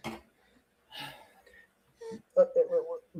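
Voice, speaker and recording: A man's voice: on the high side, lively intonation, normal speed. Rambling, swearing man on a headset. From Cleveland area, USA. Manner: rambling storytelling, swears a lot, laughs often. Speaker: host. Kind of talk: casual panel chat.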